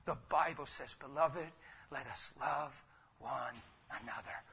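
A husky man with a slightly raised pitch preaches with great intensity. He drives his points home in repeated runs, surging loud and then dropping almost to a whisper. He is speaking to a church congregation. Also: a little slow. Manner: impassioned, swinging from loud exhortation to near whispers; repetitive rhetorical build-ups. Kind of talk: sermon.

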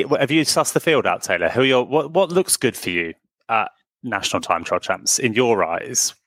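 Man, podcast host, very low pitch, bright tone, joking rambling questions, dry recording. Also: no echo. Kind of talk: casual interview.

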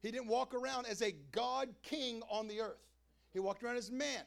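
A man's voice: very high voice, fairly even intonation, normal speed, gravelly. A young man preaching a sermon as the pastor, in a casual, conversational way with slangy asides. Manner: casual preaching, acts out crowd and Jesus in quoted voices.

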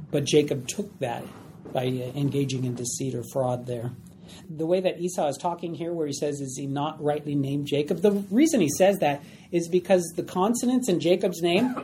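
Male Bible study teacher, mellow tone, light background hiss. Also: on the high side. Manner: explains plainly, acts out voices.

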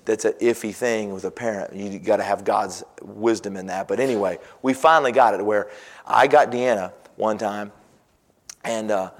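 A man preaching a sermon, telling homey stories and swinging from soft, low asides to loud, exclaiming passages. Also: fairly even intonation, normal speed. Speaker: pastor.

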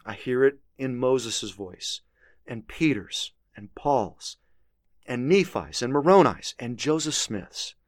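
A man's voice: medium pitch, lively intonation, takes it slowly, no room sound, studio quality. A man teaching a scripture lesson, reading verses aloud with earnest emphasis. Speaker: religious teacher.

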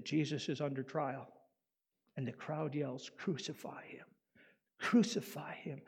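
A male pastor preaching a sermon in an animated way, swinging from loud emphasis down to quiet. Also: mid-range voice. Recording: long hall reverb.

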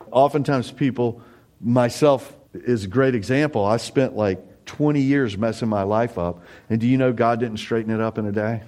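A middle-aged man preaching a sermon, earnest and conversational, with sudden emphatic rises in pitch. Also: a little mellow. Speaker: pastor.

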